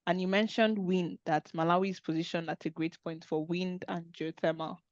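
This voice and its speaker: A woman's voice: lowish voice, fairly even intonation, normal speed, no room sound, muffled recording. A woman hosting an online webinar discussion, talking in an earnest, conversational way over a video call. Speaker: webinar host.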